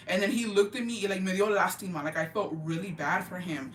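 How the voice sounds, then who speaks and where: In a fairly quick mid-range voice with hardly any pauses, a woman vlogger gossips to her viewers, casual, profane and emphatic, mixing Spanish phrases into her English. The mic is distant, the space roomy and echoing, and a faint ambient hum runs beneath.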